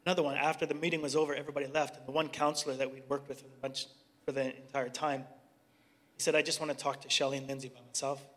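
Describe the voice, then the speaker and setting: A man's voice: mid-range voice, flat delivery, quick pace, fairly bright tone. A middle-aged man, director of a youth organization, earnestly sharing a personal testimony and then leading a prayer, talking conversationally and restarting sentences as he searches for words. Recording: long hall reverb.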